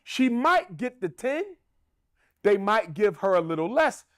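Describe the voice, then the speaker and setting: A man's voice: sits high, very animated, measured pace, dry recording, studio quality. A man giving opinionated commentary, emphatic and rhetorical, repeating his points for effect.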